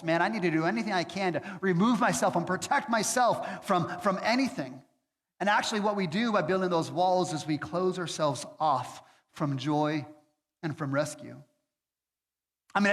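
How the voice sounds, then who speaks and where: Conversational pastor with a high voice. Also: male voice, fairly bright tone. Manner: conversational, hesitant with frequent fillers. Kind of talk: sermon. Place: church sanctuary. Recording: long reverb of a church hall.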